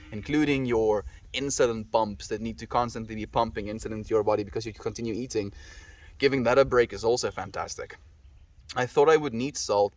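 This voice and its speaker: A man's voice: on the low side, far from the mic. South African man chatting with his stream. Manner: relaxed, chatty, answers comments by name. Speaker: livestreamer reading chat. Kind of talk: casual chat with viewers.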